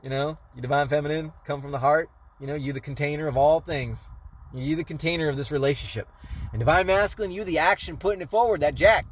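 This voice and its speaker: A man's voice: fairly high pitch, fast. A man giving a casual tarot reading to the camera, speaking loosely with many restarts and calling the viewers y'all. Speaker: tarot reader.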